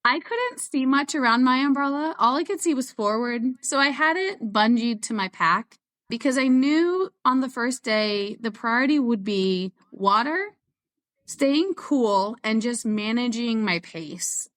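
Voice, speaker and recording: Woman guest, high-ish, talkative, laughs easily through her stories. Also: animated, unhurried, a bit bright. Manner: chatty, laughs often while telling stories. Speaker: guest ultrarunner. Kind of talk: casual interview chat.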